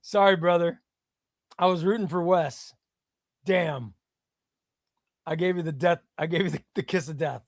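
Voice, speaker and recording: Excitable high-voiced man hosting a stream. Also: measured pace, pauses often, no room sound, studio quality. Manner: excitable, shouts names then drops to muttering. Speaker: live stream host. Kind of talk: casual live-stream giveaway commentary.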